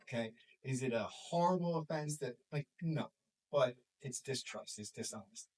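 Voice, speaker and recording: This school counselor and life coach, a New York man in his forties with a New York accent, speaks to a small group at moderate speed in a mid-range voice. Animated throughout, he mimics quoted voices, with the sound picked up from far off the mic.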